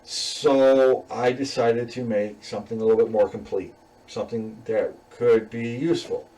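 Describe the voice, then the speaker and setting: A man's voice: medium pitch, fairly even intonation, moderate pace, dark tone, far from the mic, poor audio. A man student casually walking through his class programming assignment, rambling with fillers and small chuckles. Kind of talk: casual screen-recorded code walkthrough.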